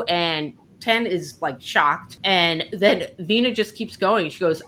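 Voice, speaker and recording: A woman with a bright, forceful voice sitting a little low in pitch. She retells scenes from a novel in an animated, casual way, laughing often and swearing freely. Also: measured pace, hardly any pauses, a little hiss or hum. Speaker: book discussion co-host.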